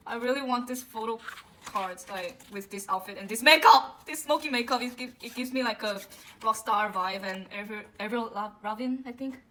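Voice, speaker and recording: Gasping, excitable woman with a bright voice. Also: fairly high pitch, slight background noise, low-quality recording. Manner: excitable, gasps often, gushing; slow, drawn-out delivery with frequent fillers. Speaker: vlogger. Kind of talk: casual album unboxing.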